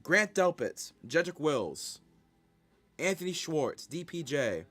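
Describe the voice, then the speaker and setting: A man's voice: fairly high pitch, sing-song, slow pace, a bit bright, faint music behind. A young man hosting a live sports stream, venting his frustration over a draft in a repetitive, ranting way.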